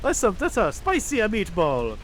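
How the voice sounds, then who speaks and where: Comic bit: a man playing a goofy firefighter, pitched well up from his own voice, hesitant. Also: wildly swooping pitch, a bit bright, slight background noise, exaggerated voice. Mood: silly. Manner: silly, halting put-on voice. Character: bumbling male firefighter.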